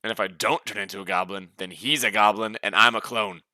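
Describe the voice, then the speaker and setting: A man playing a tabletop game, excitable and prone to bursting into shouts. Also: lowish voice, a little fast, dry recording.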